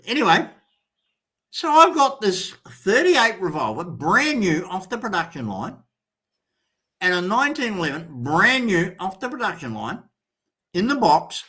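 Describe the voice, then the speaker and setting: A man's voice: sits high, a little slow. A man hosting a live stream, telling a story in a casual way and acting out the other people in it. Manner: animated storyteller acting out quoted voices. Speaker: show host.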